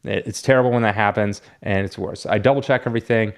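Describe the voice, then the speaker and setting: A man's voice: on the low side, fairly even intonation, fast talker. A man running a comic book shop, chatting casually and rambling as he talks himself through each graded book. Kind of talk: casual unboxing chat.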